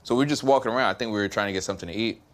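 A young man casually telling a story on a podcast, getting loud and heated as he acts out an argument. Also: on the low side, very fast. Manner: animated storyteller, gets loud and heated when retelling the fight.

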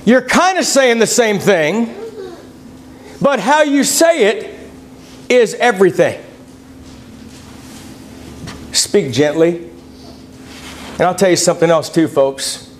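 A man with a notably high voice preaches a sermon in a church. He talks in a folksy, conversational way, calling the listeners folks, and reads scripture in old-fashioned wording. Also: animated, a little slow, long pauses, a little hiss or hum.

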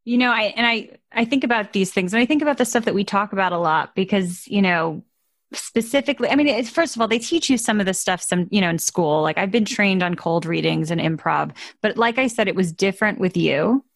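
A woman's voice: medium pitch, no room sound. A woman actor hosting a casual interview, eagerly agreeing and sharing her own audition experiences. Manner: eager, agreeable, lots of quick yeahs.

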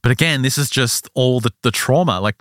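The recording is clean studio sound with no room sound, featuring a man with a mid-range voice. He's co-hosting a podcast and lively retelling a story in casual chat, tossing in quick acted quotes.

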